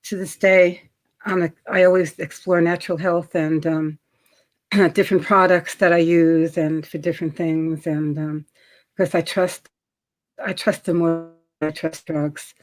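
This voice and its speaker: A middle-aged woman with a New York accent talks through her work in a loose, conversational way. She fills gaps with ums, restarts her sentences and clears her throat now and then. Her voice sits a little low. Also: little pitch movement, a little slow. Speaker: guest, credit specialist. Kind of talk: casual interview chat.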